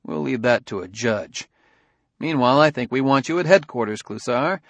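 Steady male detective, firm and dryly needling, middle pitch, from a male audiobook reader in a dead-dry booth. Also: moderate pace, no room sound.

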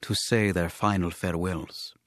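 A man playing a courtly alien aristocrat with a formal, measured and grave manner, his low voice unhurried and solemn in a storybook reading. The recording is close and dry. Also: fairly even intonation, fairly bright tone, no room sound.

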